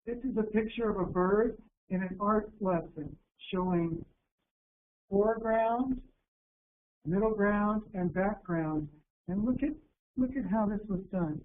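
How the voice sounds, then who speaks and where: A man from the United States giving an instructional workshop talk to teachers, calm and deliberate, slowing down to stress key words. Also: sits high. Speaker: teacher educator presenting a workshop. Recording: narrow phone-like sound with faint hiss.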